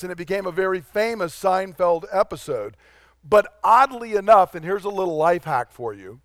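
A male pastor preaching a sermon in a conversational way, slowing down to stress key phrases. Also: high voice, a bit bright, dry recording, clean studio sound.

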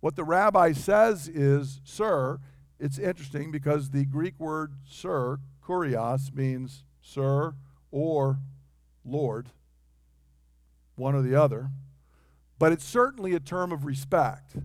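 A man delivering a sermon in a fairly high voice, animated and expressive. He acts out the voices of the people he describes, and the sound is dry and close. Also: slow pace, no echo. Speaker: preacher.

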